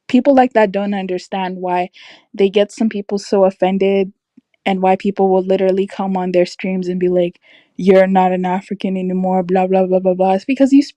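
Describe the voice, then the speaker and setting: A woman's voice: medium pitch, dark tone, no echo. A young woman talks on her livestream in a casual, exasperated rant, leaning hard on her points and dropping "like" into nearly every sentence. Her voice sits in a middle range for a woman. The sound is dry and close, with no room in it. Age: young adult. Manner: exasperated, emphatic, frequent "like" and laughs. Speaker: livestream host. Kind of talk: casual opinion rant on a stream.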